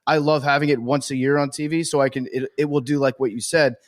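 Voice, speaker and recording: A man co-hosting a sports podcast in casual chat, joking in a dry, deadpan way. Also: medium pitch, fast. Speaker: podcast co-host.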